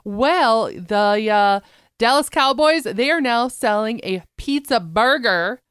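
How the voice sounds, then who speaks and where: A woman co-hosting a talk show, chatty and upbeat as she reads out food news. Her voice is smooth and resonant. The sound is dry and close. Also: fairly high pitch, animated, takes it slowly, a bit bright, no room sound. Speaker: co-host. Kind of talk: casual show chat.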